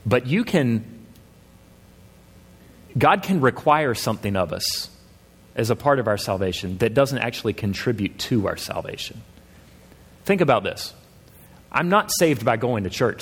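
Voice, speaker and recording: A man's voice: mid-range voice, big pitch swings, moderate pace, pauses often, a bit bright, slightly rough, in a large hall. A man preaching a sermon as a pastor, reasoning earnestly with his congregation and pressing his points with rising emphasis.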